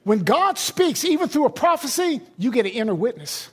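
A man's voice: very high voice, sing-song, normal speed, breathy edge. A middle-aged man, a pastor, preaching a sermon in a conversational, emphatic way with personal stories.

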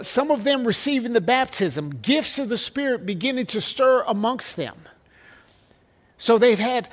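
A man with a high-pitched voice preaching verse by verse. He talks earnestly and with emphasis, quoting scripture and pressing each point with repeated phrases. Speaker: pastor. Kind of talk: verse-by-verse sermon.

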